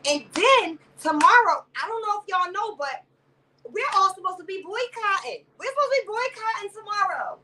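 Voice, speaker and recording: A woman hosts a casual, rambling live-stream commentary full of profanity, padding her talk with "or whatever" and greeting chat viewers by name, calling them baby and sister. Her voice is very high with big pitch swings, a normal pace and a sharp tone. The mic is distant and the recording is rough.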